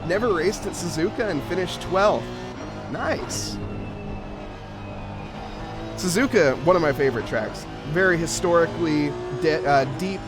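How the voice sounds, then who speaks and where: A man's voice: on the high side, lively intonation, a little slow, long pauses, loud music behind the voice. A man commentating a live sim racing event, joking about himself and laughing often. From English-speaking. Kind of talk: live esports race commentary.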